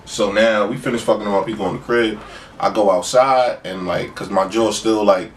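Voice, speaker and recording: A man telling a street story in casual talk, acting out other people's lines in a high voice. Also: fairly even intonation, moderate pace. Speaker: storyteller on a podcast. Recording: far from the mic, faint noise.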